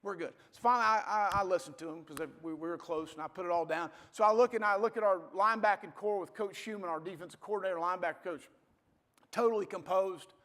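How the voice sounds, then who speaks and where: A man's voice: sits high, quick pace, fairly bright tone. A man, a football coach giving a blunt, folksy motivational speech to an audience. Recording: reverberant hall.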